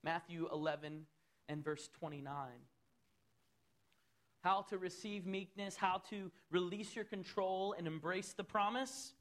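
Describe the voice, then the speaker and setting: A man preaching a sermon as pastor in a church, swinging between loud, rising appeals and soft, low asides. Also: fairly even intonation, measured pace.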